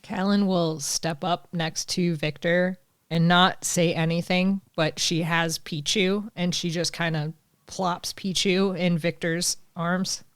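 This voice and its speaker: Lady player at a tabletop game, bit low, slow and dry sounding. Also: fairly even intonation, clear, resonant tone, no echo. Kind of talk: casual tabletop play.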